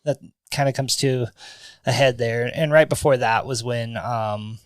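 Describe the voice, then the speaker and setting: A man's voice: medium pitch, steady tone, a little slow, no room sound. A man co-hosting a podcast, loosely and profanely retelling a movie plot with lots of ums. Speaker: podcast co-host. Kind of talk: casual movie recap chat.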